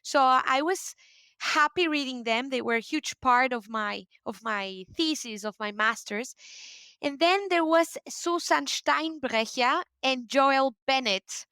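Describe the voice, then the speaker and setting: A woman speaks English with a Spanish accent in a high, bright voice. Her tone is clear and smooth, and the sound is dry and close. She is a guest in an interview and tells her story with eager energy, often pausing on fillers. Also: dry recording. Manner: enthusiastic, animated storytelling with frequent fillers. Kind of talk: casual interview talk.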